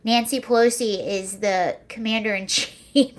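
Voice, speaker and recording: A woman's voice: fairly high pitch, steady tone, a little slow. A young woman hosting a casual livestream, chatting sarcastically, laughing often and answering viewer comments. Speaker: livestream host.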